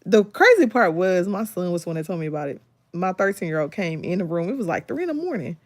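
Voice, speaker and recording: A woman, chatting casually on a livestream and retelling a movie with lively acted-out quotes. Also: on the low side, fast talker, no echo. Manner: animated storytelling, acts out quotes with laughter. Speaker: livestream host.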